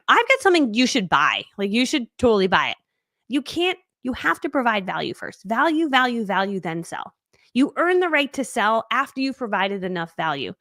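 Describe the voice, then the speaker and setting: A middle-aged woman coach talks fast and chatty through a live online training. She puts on quick voices for little dialogues as she goes. There is a gravelly fry in her voice, and the sound is close and dry. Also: medium pitch, a bit bright, dry recording.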